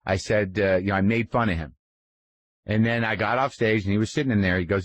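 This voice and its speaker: A podcast host in his fifties delivers a casual monologue that's rambling, profane and self-deprecating. His voice is fairly low and a little fast, and the recording is dry.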